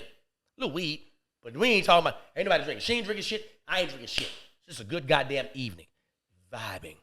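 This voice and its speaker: A man telling a comic story as a podcast guest, his voice sitting a little high and sounding bright and forceful. He keeps it slangy and profane, sinking to low murmurs and then bursting out loud, with pitch that leaps all over the place. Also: quick pace. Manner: animated, swings between low murmurs and loud outbursts. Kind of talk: comedic storytelling.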